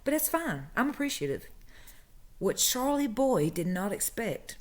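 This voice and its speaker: A woman's voice: a little high, very animated, unhurried, darkish tone. A woman, casually telling a story about her old job and acting out the people she quotes. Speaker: vlogger telling a work story.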